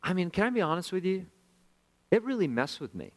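Pastor guy preaching, fry in his voice, jumps into voices for the people in his story. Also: high voice, brisk, rough recording. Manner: animated storyteller acting out quoted voices. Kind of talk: sermon storytelling.

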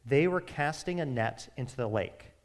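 A man preaching a sermon in a conversational, animated way, with quick asides to his listeners. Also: medium pitch. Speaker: pastor.

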